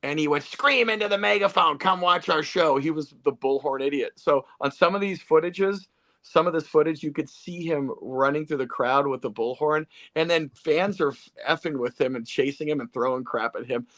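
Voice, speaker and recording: A man's voice: fairly high pitch, moderate pace, a bit bright. A man hosting a casual interview, telling stories animatedly and addressing listeners as folks. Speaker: podcast host.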